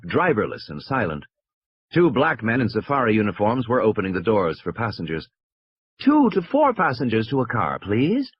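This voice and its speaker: Man, audiobook narration, husky voice, wildly varied pitch, muffled lo-fi sound. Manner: very expressive, swooping reading. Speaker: audiobook reader. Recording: dull lo-fi recording.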